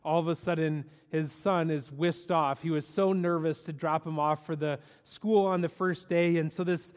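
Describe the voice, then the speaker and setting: A male pastor with a high voice delivers a chatty, animated sermon, full of little restarts and fillers. His voice carries a long echo, recorded in a large church hall. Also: normal speed. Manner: conversational and animated, with frequent fillers. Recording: echoey hall.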